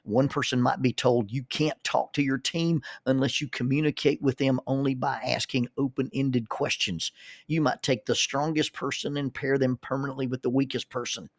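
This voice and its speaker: A man's voice: medium pitch, fairly even intonation, moderate pace, dry recording. A man, a counselor and minister, telling stories in a folksy way, often repeating words as he starts a thought. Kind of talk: storytelling monologue.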